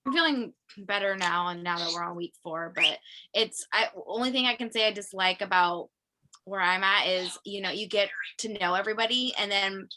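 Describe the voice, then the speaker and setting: A woman's voice: mid-range voice, moderate pace, pushed and bright. A woman student in a clinical group, chatting casually on a video call in a friendly way, laughing as she talks.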